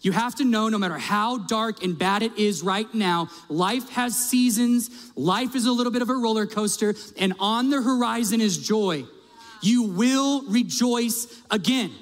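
A male pastor with a high voice preaches a sermon at a measured pace, conversational and emphatic, putting direct questions to his audience. The recording carries the long reverb of a large hall.

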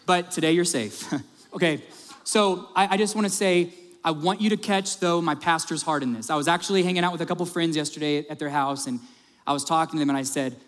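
A man with a notably high voice delivers a sermon as pastor. He presses his points emphatically, slowing down and dropping his voice on the words that matter. A long reverb trails each phrase, as in a large church hall. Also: lively intonation, fairly bright tone. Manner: emphatic, varies pace, drops low for key words.

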